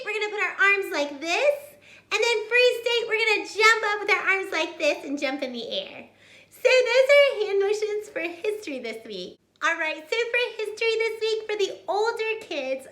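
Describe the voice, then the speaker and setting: A woman's voice: very high voice, pushed and bright, echoey room. A woman tutor explaining classroom review games and hand motions in an upbeat, demonstrating way. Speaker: homeschool tutor. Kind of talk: instructional video.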